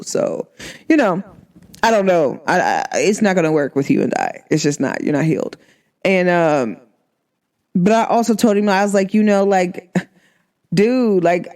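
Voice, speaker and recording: A woman's voice: low-pitched, vocal fry, a little mellow. Candid woman in casual vlog chat. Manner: candid, emphatic, slangy. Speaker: vlogger.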